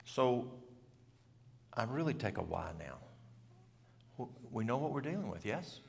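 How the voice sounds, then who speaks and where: A man's voice: medium pitch, sing-song, a little slow, gravelly, a little mellow, in a large hall. A man, telling a story in a folksy, country way at a church event and asking the audience questions. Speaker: health speaker. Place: church hall.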